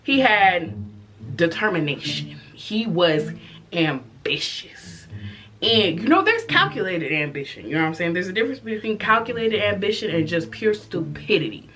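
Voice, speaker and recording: A woman telling a personal story in a casual vlog, expressive and animated, with frequent cussing and asides to the audience. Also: mid-range voice, moderate pace. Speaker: vlogger.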